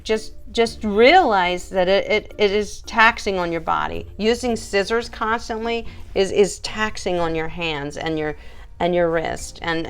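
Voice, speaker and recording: A woman, a pet groomer, hosting a casual live stream, chatty and emphatic as she answers viewers by name. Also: mid-range voice.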